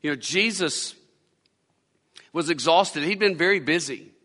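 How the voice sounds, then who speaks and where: A man delivers a sermon from the pulpit, circling back and repeating lines to drive his point home. His voice is bright and sits slightly high, and it rings out with a long reverb from the church around him. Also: measured pace. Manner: preaching with repetition and rising emphasis. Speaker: pastor. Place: church sanctuary.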